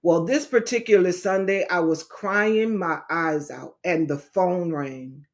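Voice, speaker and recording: Middle-aged woman evangelist, unhurried, repetitive preacher cadence, casual livestream chat. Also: lowish voice.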